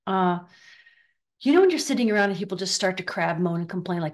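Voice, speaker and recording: An older woman giving a casual spiritual talk, chatty and riffing, acting out bits of gossip in quick voices. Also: on the low side. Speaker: spiritual teacher.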